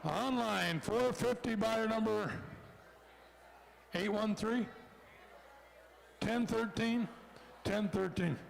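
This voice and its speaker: A man with a Southern American accent calling bids at a livestock auction in a rapid rhythmic chant, joking with the crowd between bids. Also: high-pitched, creaky, big-room sound, poor audio. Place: indoor livestock show arena.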